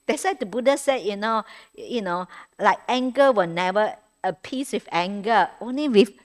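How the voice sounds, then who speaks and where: A woman's voice: mid-range voice, lively intonation, normal speed. A woman teaching at a meditation retreat in a conversational Dharma talk, with frequent restarts, repeated words and non-native English grammar.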